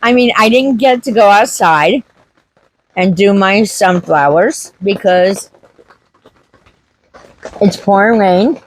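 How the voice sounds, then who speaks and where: A woman's voice: medium pitch, slow, pauses often, rough recording. A woman homestead vlogger chatting casually to camera, telling a story with acted-out quotes.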